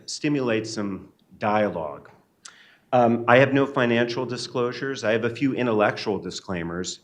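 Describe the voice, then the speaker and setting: Low-voiced man giving a lecture. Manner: measured, earnest, reflective. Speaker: keynote speaker. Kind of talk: academic lecture. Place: lecture hall.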